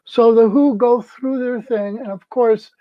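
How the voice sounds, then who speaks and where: Older storyteller, seventies; acts out voices, lo-fi dry mic. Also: male voice, extremely high pitch, unhurried, no echo. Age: 70s. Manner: animated, acts out quoted people. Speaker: festival crew member. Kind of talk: casual storytelling. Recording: dull, dry lo-fi sound.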